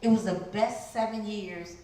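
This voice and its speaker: A guest speaker from the Chicago area gives a testimony sermon in a large church hall, telling her story in an animated way at a measured pace and jumping into high voices to act out quotes. The hall is very echoey, with some noise.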